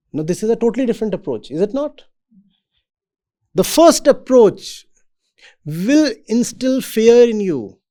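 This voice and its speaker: A man giving a reflective talk to students as a spiritual teacher. He speaks in a deliberate, measured way. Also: high-pitched, big pitch swings, mellow.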